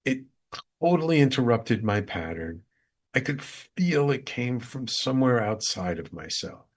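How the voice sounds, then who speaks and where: A man's voice: medium pitch, big pitch swings, unhurried. A man hosting a show, earnestly telling a heartfelt personal story with repeated emphasis. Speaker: show host.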